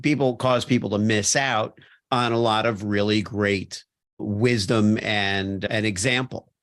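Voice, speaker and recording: A man hosting a podcast interview, reflective and measured, thinking aloud as he talks. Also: fairly low pitch, steady tone, a bit bright, no room sound, clean studio sound. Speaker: podcast host. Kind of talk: conversational interview.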